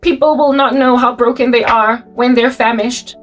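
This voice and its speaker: A woman's voice: a little high, fairly even intonation, moderate pace, far from the mic, faint music behind. A woman preaching an informal sermon, rambling and impassioned, sometimes acting out quotes. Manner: rambling, impassioned, breaks into song and acted quotes. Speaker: online preacher. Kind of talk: informal spoken sermon monologue.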